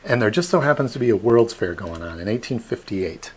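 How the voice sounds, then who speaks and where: A man tour guide giving a live online virtual tour, telling history as a lively story with playful asides to his audience. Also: medium pitch, brisk, a little hiss or hum. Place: at home, streamed online.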